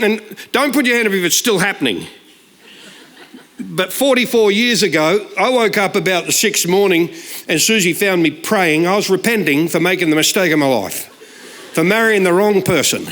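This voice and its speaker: A guest preacher in his 60s delivers a humorous sermon full of stories and punchlines, jokey and animated, shouting the punchlines. His voice sits high, at a moderate pace.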